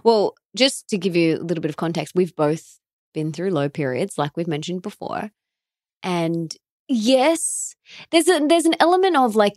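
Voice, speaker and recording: A woman hosting a podcast in casual conversation, animated and quick to laugh. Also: on the low side, no echo, studio quality. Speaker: podcast host.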